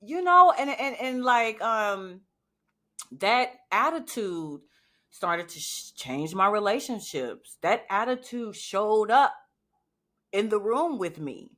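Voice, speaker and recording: A woman's voice: mid-range voice, sing-song, slow, bright, forceful tone. A woman hosting a podcast, talking candidly and swearing freely in casual conversation. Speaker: podcast host.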